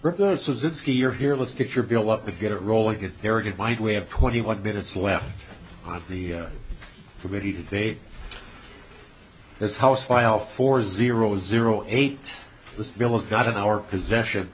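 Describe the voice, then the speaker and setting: A man chairing a legislative committee hearing, brisk and procedural. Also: on the low side, a little hiss or hum, rough recording.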